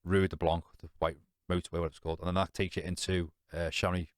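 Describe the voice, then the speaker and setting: A man talks fast in a low-pitched voice with little pitch movement, telling an honest personal story as a podcast guest. He uses informal British slang and swears bluntly, rambling and restarting with fillers and frequent "you know what I mean." The studio-quality audio has no echo.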